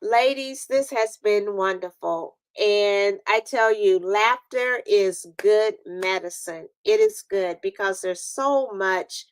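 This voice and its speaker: A woman's voice: mid-range voice, slow, few pauses, clear, resonant tone, dry recording. Chatty New woman hosting a stream. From New York. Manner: laughs often, chatty and playful with viewers. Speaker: host. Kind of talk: casual live-stream chat.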